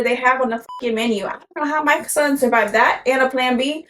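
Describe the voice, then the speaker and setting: A woman's voice: sits high, fairly quick, slight background noise, poor audio. A young woman co-hosting a casual chat, telling a long personal story with lots of swearing and rambling asides. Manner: rambling, swears freely, laughs through her story. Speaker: podcast co-host.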